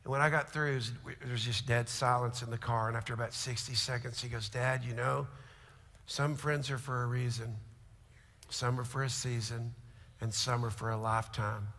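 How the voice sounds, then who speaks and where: Middle-aged man, pastor, sermon storyteller, forceful and gravelly, big reverberant church. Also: mid-range voice, flat delivery, moderate pace. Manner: storytelling, swings from hushed to shouting. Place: large church auditorium. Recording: long hall reverb.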